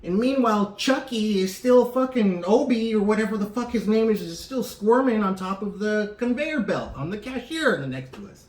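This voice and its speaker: Brief: swearing male podcast co-host, higher voice, animated retelling, echoey room. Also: moderate pace, few pauses. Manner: profane, animated, acts out the people in his story. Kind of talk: casual storytelling. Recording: roomy echo.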